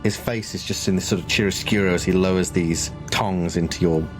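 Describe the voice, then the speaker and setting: A man running a tabletop horror game as game master, telling the scene in a measured, descriptive way. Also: low-pitched, fairly even intonation, soft background music.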